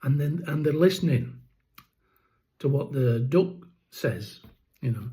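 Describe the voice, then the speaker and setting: A man's voice: mid-range voice, expressive, slow pace, warm tone, poor audio. A man with a rattle in his throat, explaining poultry keeping in a rambling, casual vlog. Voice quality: rambling, many ums and restarts. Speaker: poultry keeper vlogger.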